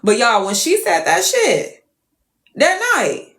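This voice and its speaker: A woman's voice: on the high side, takes it slowly, vocal fry. Woman doing storytime on a live, voice jumps all over, roomy echo. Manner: animated, profane, laughing asides to viewers. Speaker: livestreamer telling a story. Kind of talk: casual storytime on a live stream.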